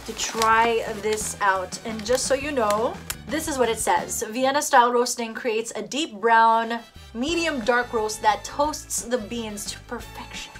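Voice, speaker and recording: A woman with a slightly high voice chats playfully through an unboxing. She giggles often and jokes with her viewers. Background music plays clearly beneath her voice. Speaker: vlogger. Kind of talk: casual unboxing chat.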